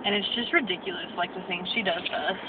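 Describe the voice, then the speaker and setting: A woman's voice: on the low side, quick pace. A young woman venting about her medical assistant class in a vlog, ranting and acting out what others said. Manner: ranting, acts out quoted people. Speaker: medical assistant student vlogger. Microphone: phone camera. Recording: tinny phone audio with noise.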